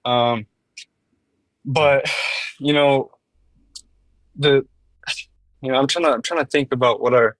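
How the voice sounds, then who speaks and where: A man's voice: mid-range voice, steady tone, slow, pauses often, fairly bright tone, no echo. A man calling into a casual talk show, hesitant and searching for his words. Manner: hesitant, many fillers and restarts. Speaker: caller. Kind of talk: casual call-in chat.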